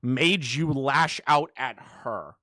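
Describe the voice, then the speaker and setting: A man's voice: medium pitch, drawn-out words, bright, forceful tone, dry recording, clean studio sound. A man streaming his reactions to a clip, talking casually and mocking it with swearing and disbelief. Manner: incredulous, mocking, swears freely.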